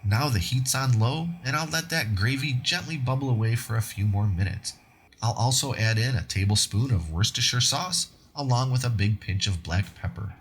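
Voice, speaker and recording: A man narrates a home cooking recipe as the host of his own show, talking through each step in a chatty, upbeat way. His voice sits at an ordinary, middle pitch for a man. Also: lively intonation, normal speed, fairly bright tone, breathy edge. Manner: upbeat and conversational.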